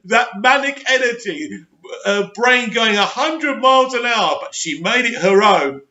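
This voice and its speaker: A channel host with a high-pitched, expressive voice, pushed and bright, speaks a little slowly in an echoey room with dull lo-fi sound. He reads an article aloud and mocks it in a sarcastic, scornful rant, laughing often as he reacts.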